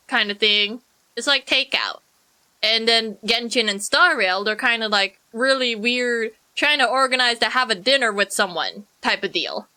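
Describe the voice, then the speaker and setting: A woman's voice: on the high side, sharp tone, smooth. A young woman streaming a game, chatting in a rambling, jokey way and answering her chat. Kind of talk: casual gameplay commentary.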